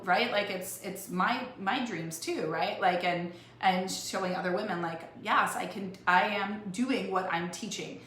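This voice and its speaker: With a medium-pitched, slightly bright voice, a woman life coach offers an emotional, earnest pep talk to camera. She often starts phrases over, and the echoey room has a faint hum of noise.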